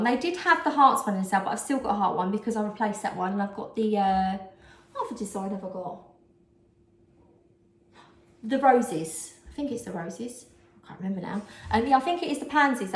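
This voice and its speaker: Chatty woman in an echoey room. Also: fairly high pitch. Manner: rambling and chatty, with many asides and fillers. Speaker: vlogger. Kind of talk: casual chat showing a haul. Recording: roomy echo.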